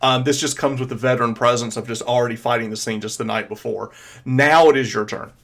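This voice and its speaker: Man running a tabletop game, halting narration. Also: medium pitch, steady tone, gravelly, fairly bright tone. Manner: hesitant, filler-heavy narration. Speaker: game master.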